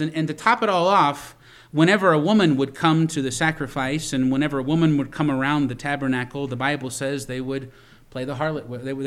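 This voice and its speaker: A man preaching a sermon as pastor. He speaks earnestly, repeats words as he builds a point, and grows louder to stress it. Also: medium pitch.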